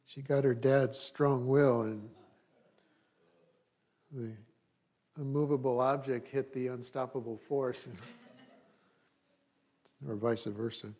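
A middle-aged man preaches in an easy, talky way, his voice sitting at an ordinary middle pitch. He drifts into wry asides and restarts his sentences as he goes. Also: fairly even intonation, slow, pauses often, a little mellow. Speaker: pastor. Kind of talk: sermon.

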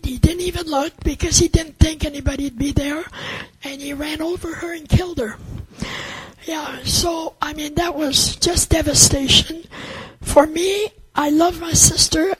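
Older woman, earnest testimony, halting delivery, high-pitched. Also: no echo, low-quality recording. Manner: halting, earnest storytelling with many restarts. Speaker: testimony speaker. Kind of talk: personal faith testimony.

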